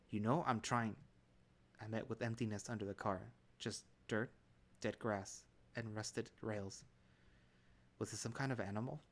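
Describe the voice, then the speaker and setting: Low-voiced man reading a story. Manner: calm, relaxed reading with small restarts. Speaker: reader narrating a visual novel. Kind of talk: first-person story narration.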